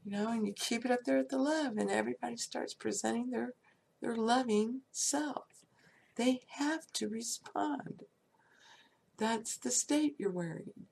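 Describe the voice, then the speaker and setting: A woman's voice: mid-range voice, fairly even intonation, a little slow, creaky, a little mellow, breathy edge. A woman giving a casual, upbeat talk on prayer and feeling, often laughing and dropping into whispers. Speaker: spiritual speaker.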